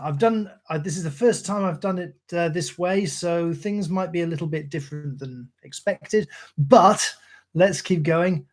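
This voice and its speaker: A man's voice: a little high, a little mellow. A middle-aged man reading poems aloud on a live stream, with dramatic delivery, a put-on London soldier's voice, and chatty, self-deprecating asides. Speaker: poetry reader on a live stream. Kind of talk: poetry recitation.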